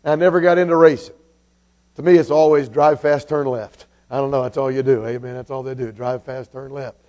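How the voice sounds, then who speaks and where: A man's voice: mid-range voice, steady tone, brisk. A man from Georgia, a guest preacher telling folksy stories from the pulpit. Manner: folksy storyteller, warm asides to the congregation. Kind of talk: sermon with humorous story.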